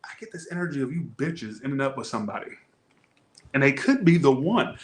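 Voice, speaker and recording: A man with a Southern US accent giving a casual tarot reading, animated, blunt and joking. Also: mid-range voice, fairly quick, reverberant. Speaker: tarot reader.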